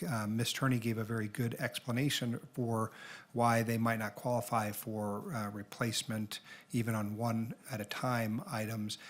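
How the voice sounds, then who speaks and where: Council guy at a meeting, flat even delivery, lots of uhs and restarts. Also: medium pitch. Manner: measured, hesitant, many restarts. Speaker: city council member.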